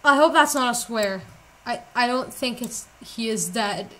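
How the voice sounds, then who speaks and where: A young woman with a raised, bright, forceful voice calls out live gameplay commentary. She jumps between excited outbursts and slangy, self-mocking jokes in a loose, casual flow. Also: fairly high pitch, unhurried, rough recording. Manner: jumpy, joking, self-mocking. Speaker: game streamer.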